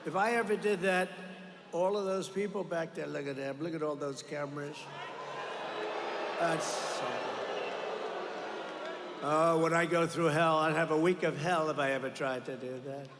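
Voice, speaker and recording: A man's voice: on the high side, steady tone, moderate pace, pauses often, very noisy. An older man giving a campaign rally speech in a large arena, boastful and repetitive, drifting into rambling asides. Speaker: political rally speaker. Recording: echoey arena with long reverb.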